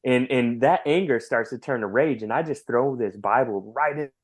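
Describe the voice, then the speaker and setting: Male guest with a mid-range voice, earnest and animated storyteller, repeats himself. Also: mid-range voice, moderate pace. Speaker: podcast guest. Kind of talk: personal testimony storytelling.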